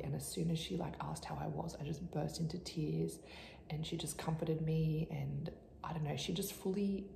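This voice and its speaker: Young mum vlogger, chatty and rambling, husky low voice with heavy fry, echoey room. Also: female voice, mellow, a little hiss or hum. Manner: chatty, rambling, often whispers. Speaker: vlogger, first-time mum. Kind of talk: casual chat to camera. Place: home, indoors. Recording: echoey room, faint ambience.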